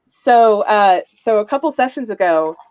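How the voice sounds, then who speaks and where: A woman's voice: mid-range voice, animated, unhurried, a little mellow, clear, resonant tone, no echo, dull audio. A woman on a roundtable panel, telling a rambling, chatty story about her tabletop game.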